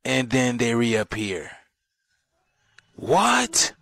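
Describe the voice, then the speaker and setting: A man's voice: medium pitch, wildly swooping pitch, drawn-out words, creaky, fairly bright tone. A man making a conspiracy video, insistently pointing out details and urging viewers to look.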